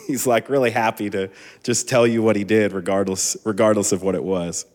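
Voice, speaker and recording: A man's voice: fairly low pitch, a little fast. Man preaching casually in an echoing hall. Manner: conversational, relaxed preaching with asides. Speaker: pastor. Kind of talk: sermon. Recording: long echoing hall reverb.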